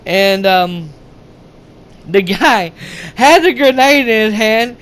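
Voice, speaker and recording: A man retelling a movie's plot in a rambling, halting way, full of fillers, restarts and swearing, acting out the characters' lines. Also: high voice, a bit bright. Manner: rambling, halting, many fillers and restarts, profane, acts out quotes. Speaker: movie reviewer. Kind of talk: rambling casual movie recap.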